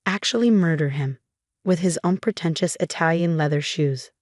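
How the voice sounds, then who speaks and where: Woman doing a blunt fired-up best friend, loyal and indignant, low voice. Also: moderate pace, darkish tone, no room sound, clean studio sound.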